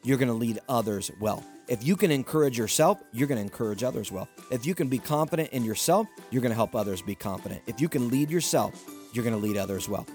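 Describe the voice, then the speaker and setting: A man's voice: mid-range voice, lively intonation, fast, darkish tone, soft background music. Earnest man giving a motivational talk. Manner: earnest, emphatic, repetitive exhortation. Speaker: podcast host.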